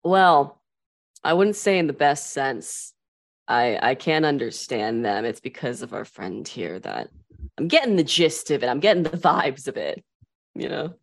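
A woman's voice: rumbling low, very animated, a little slow. A woman player in a tabletop game, self-deprecating and giggly.

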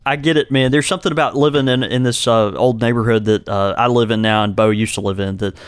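Man, podcast co-host, easygoing rambling chat, mid-pitched voice, dry close sound. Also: steady tone, fast talker, smooth, no echo. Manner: easygoing, rambling, with restarts and chuckles. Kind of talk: casual chat.

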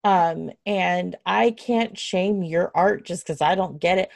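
A woman's voice: lowish voice, takes it slowly, gravelly, no echo. A woman guest on a podcast, rambling and self-deprecating, with lots of "like". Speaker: podcast guest, content creator. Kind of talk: casual interview chat.

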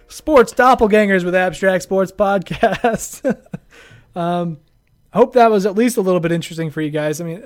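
A man hosting a sports podcast in casual chat, rambling and laughing often. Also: high voice. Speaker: podcast host.

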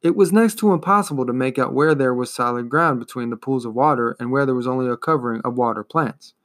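A man with a medium-pitched voice reads a fantasy novel aloud, narrating in a measured, expressive storytelling style.

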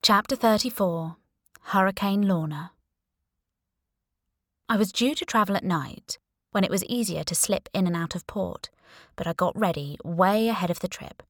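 A woman's voice: medium pitch, moderate pace, long pauses, no room sound, clean studio sound. Wry woman narrating an audiobook. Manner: wry, lively storytelling. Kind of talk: first-person audiobook narration.

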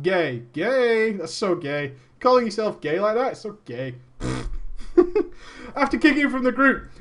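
A man's voice: very high-pitched, bright, forceful tone. A man streaming, reading a story aloud and breaking off into mocking asides and frequent laughter.

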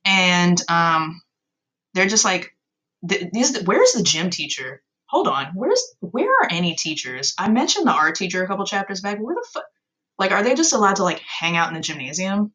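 A woman's voice: on the low side, sing-song, normal speed, bright, forceful tone, rough recording. A young woman casually recapping an old story of hers, sarcastic and self-mocking, swearing freely. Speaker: podcast host.

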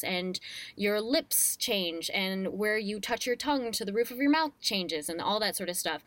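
An animated young woman in casual conversation, playful and quick to laugh. Her voice sits at an ordinary pitch for a woman. The sound is dry and close, with no room around it. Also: no room sound. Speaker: guest, voice actor.

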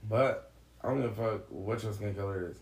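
A man joking and swearing in a casual chat with friends, quick to react. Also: lowish voice. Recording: echoey room, faint background hum.

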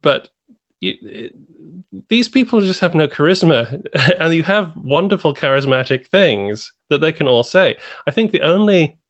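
A man on a podcast panel, animated in casual chat and laughing as he talks. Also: a little high, a little slow, dry recording, lo-fi sound. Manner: animated, laughs while talking.

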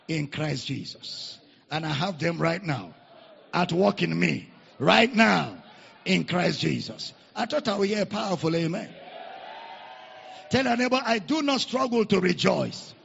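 A man's voice: high-pitched, creaky, fairly bright tone, slightly rough. A man with a Nigerian accent preaching a sermon, leading the congregation in call-and-response repetition. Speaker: pastor. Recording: echoey hall, dull lo-fi sound.

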